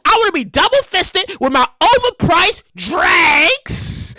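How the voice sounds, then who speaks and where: A man hosting his own podcast, ranting loudly and hyperactively with plenty of swearing, and acting out other people in shouts. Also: very high-pitched, unhurried, few pauses, dry recording, studio quality. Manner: loud, hyper and animated, with profanity; acts out quoted people in shouts. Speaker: podcast host. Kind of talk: solo podcast rant.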